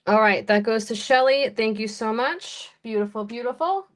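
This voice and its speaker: A woman with an American accent presides over a jewelry auction on a live stream, describing the pieces and calling bids in a talkative, unhurried style. Her voice leans toward the high side.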